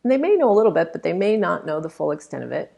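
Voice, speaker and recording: A woman public speaking coach critiques a talk, making her points emphatically and demonstrating as she explains. Her voice is low-leaning, creaky, and warm, delivered in a very animated, rapid-fire way.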